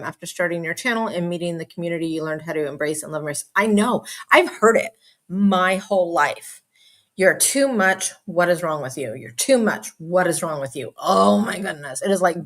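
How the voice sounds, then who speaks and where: Woman host, mid-pitched, hyper and chatty, casual live chat read from viewer comments. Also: fairly bright tone. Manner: bubbly, hyper, talks fast with lots of asides and laughs. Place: home.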